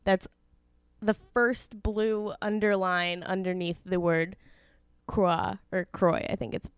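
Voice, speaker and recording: Casting: woman, smooth clear voice, close dry mic, easygoing chatter, quick to laugh. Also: mid-range voice, fairly even intonation, dry recording. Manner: chatty, laughs often, trails off with fillers. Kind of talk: casual chat.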